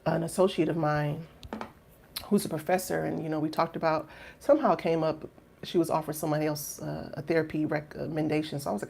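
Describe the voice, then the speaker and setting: A woman in her thirties, a coach, talking casually and heartfelt to camera, drifting from hushed reflection to loud exclaiming, with many fillers and rhetorical questions. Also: low-pitched, fairly even intonation, fast talker, creaky, slight background noise. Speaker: life coach and finishing school founder.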